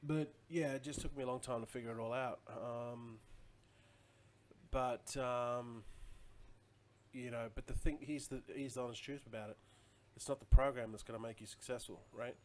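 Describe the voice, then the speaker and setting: A man's voice: medium pitch, steady tone, normal speed, a little mellow, slight background noise. Rambling man live streaming. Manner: rambling, chatty, answers viewer comments. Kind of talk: casual live stream chat.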